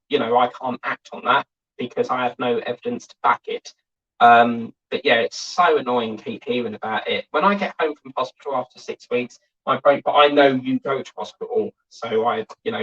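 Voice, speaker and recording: Guy rambling on his model build stream, husky voice, muffled lo-fi audio. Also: medium pitch, a bit bright. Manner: chatty, rambling, reads out viewer comments. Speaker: model-kit livestream host. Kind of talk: rambling casual livestream chat.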